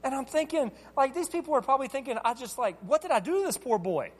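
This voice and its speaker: A man in his thirties with a notably high voice, preaching as a pastor. He tells a humorous story against himself in an animated way and plays out the conversations. His voice rings with the long reverb of a big hall. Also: quick pace. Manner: animated, self-deprecating storyteller acting out dialogue. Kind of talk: storytelling sermon.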